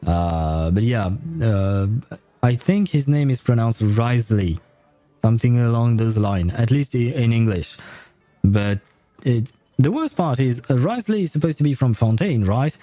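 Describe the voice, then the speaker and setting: A man's voice: medium pitch, animated, moderate pace, dark tone. A man giving chatty, amused let's-play commentary as a streamer, with faint game music behind. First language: French. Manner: chatty, amused, nitpicky asides.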